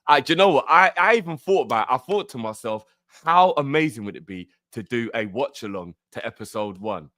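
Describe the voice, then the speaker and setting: A man hosting a live fan reaction stream, excitable and full of slang. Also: medium pitch, fairly quick, few pauses, no room sound, studio quality. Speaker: fan channel host.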